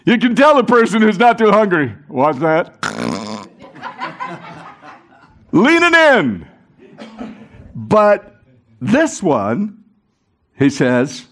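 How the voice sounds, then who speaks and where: A man preaching a sermon to a congregation, animated, talking with the room and acting out the quoted voices. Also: sits high, slow pace, pauses often. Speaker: pastor.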